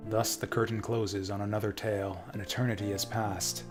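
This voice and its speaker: A man's voice: lowish voice, level tone, a little fast. A man streaming a game, reading its dialogue aloud in a dramatic way and drifting into casual, profane asides. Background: faint game music.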